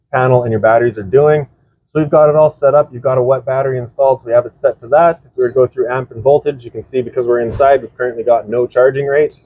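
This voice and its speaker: A man's voice: mid-range voice, no echo, phone-quality sound. A man giving a practical, instructive walkthrough of a travel trailer, outdoors and then inside it. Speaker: RV sales walkthrough presenter. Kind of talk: casual product walkthrough.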